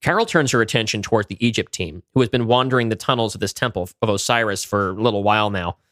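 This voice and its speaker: A man's voice: fairly low pitch, fast talker, a bit bright. A man co-hosting a podcast, narrating a monster script at a table read in a vivid storytelling manner. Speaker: podcast co-host.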